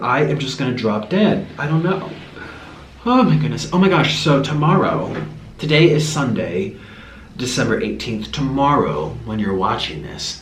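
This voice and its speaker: Rambling, animated man vlogging. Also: mid-range voice, roomy sound. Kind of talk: casual chat to camera.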